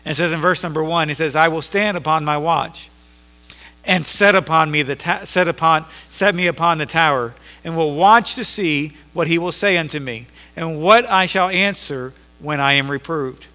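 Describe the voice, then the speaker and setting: A man's voice: fairly high pitch, moderate pace, pushed and bright. Preaching man in an echoing church. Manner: preaching, rising to emphatic intensity when reading scripture. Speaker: pastor. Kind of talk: sermon. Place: church sanctuary. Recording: echoey hall reverb.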